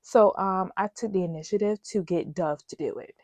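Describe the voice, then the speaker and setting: A woman's voice: medium pitch, moderate pace, darkish tone, dry recording, natural voice. A curt, dismissive boss lady, as a woman quotes her. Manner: brushing off, blunt. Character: curt, dismissive female supervisor.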